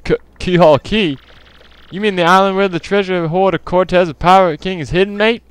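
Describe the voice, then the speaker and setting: A man's voice: high-pitched, steady tone, normal speed, smooth, no room sound, voice pushed up, lightly acted. A man putting on a brash sailor with a mock British accent. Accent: mock British, drifting toward Australian. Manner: tacks "mate" onto his lines. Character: gruff dockside sailor man, pushy and brash. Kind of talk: let's play voice reading.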